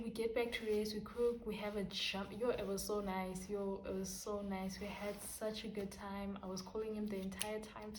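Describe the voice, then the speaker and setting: A young South African woman vlogging, telling a story casually to camera in slangy, animated talk. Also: medium pitch, roomy sound, a little hiss or hum, poor audio. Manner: animated, slangy, mixing in Sesotho phrases.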